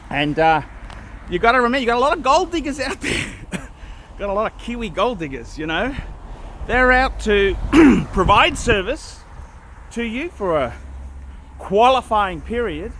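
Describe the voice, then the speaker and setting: A man with a high voice for his sex delivers an unscripted vlog rant. He is blunt and repetitive and keeps clearing his throat. Faint traffic hums in the background of the outdoor recording. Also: fairly bright tone. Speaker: vlogger. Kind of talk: off-the-cuff rant to camera.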